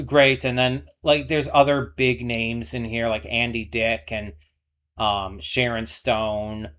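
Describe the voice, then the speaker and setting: A man's voice: mid-range voice, fairly bright tone. Guy doing a reaction vid, chatty and rambly, tons of ums and false starts. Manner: chatty, rambling with many fillers and restarts. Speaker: reaction channel host. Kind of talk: casual reaction commentary.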